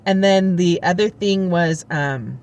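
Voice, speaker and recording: A woman's voice: lowish voice, slow, a little mellow. A woman vlogging to camera, telling chatty, rambling stories full of fillers, upbeat and heartfelt. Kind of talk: casual chat to camera.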